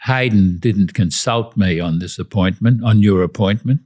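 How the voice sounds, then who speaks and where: A man impersonating a gruff, blunt prime minister with a broad Australian accent. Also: on the low side, moderate pace, darkish tone, lightly acted. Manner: blunt, commanding.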